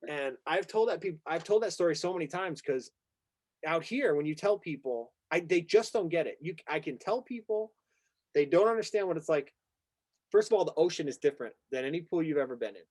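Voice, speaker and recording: A man hosting a casual talk show, retelling a story in a lively, excitable way and acting out what people said. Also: on the high side, fairly quick. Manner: excitable, vivid retelling with acted-out quotes. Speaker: podcast host. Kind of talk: animated storytelling in casual conversation.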